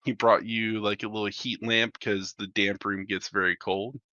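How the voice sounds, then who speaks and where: A man's voice: lowish voice, little pitch movement, normal speed, sharp tone, no room sound. A man narrating a tabletop game as game master, talking loosely with lots of fillers, on a dull muffled desk mic.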